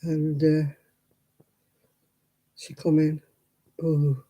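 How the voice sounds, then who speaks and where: Older woman, very mellow dark tone, host telling rambling stories at a craft stream. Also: sits low, little pitch movement, extremely slow, highs cut off. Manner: chatty, rambling anecdotes with frequent "you know" asides. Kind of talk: casual storytelling chat.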